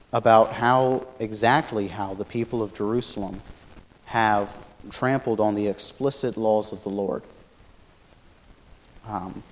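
A man giving a Bible study lecture, explaining a passage thoughtfully and pausing often to search for words. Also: medium pitch. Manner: thoughtful, many fillers and restarts, explanatory. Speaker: Bible teacher.

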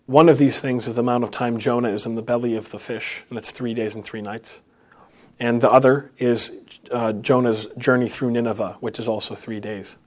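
Man of ordinary pitch preaching loosely, stumbling and building emphasis. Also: fairly even intonation. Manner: halting, with many restarts and rising emphasis. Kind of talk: unscripted sermon.

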